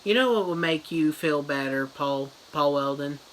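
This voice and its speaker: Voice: medium pitch, moderate pace, a bit bright, a little hiss or hum, close to an everyday voice, poor audio. A reviewer voicing an unhinged female nurse who holds a man captive, in a mock-sweet, sing-song voice. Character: unhinged female nurse captor, doting and menacing.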